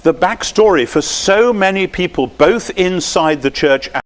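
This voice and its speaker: A man's voice: high-pitched, animated, a little slow. Chatty man telling an anecdote. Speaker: speaker. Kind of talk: conversational talk.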